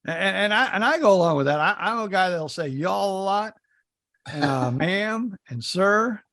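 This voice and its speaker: A man's voice: high-pitched, expressive, moderate pace, a bit bright. A middle-aged man from Indiana co-hosting a podcast, telling folksy stories in casual chat. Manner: storytelling, folksy, repeats words when starting. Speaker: podcast co-host.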